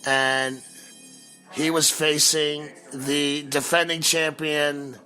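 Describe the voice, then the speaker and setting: A man's voice: fairly high pitch, flat delivery, extremely slow, bright, forceful tone, faint music behind. A man in his forties, a podcast host, telling a nostalgic story with emphatic, repeated phrases. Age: 40s. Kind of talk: storytelling monologue.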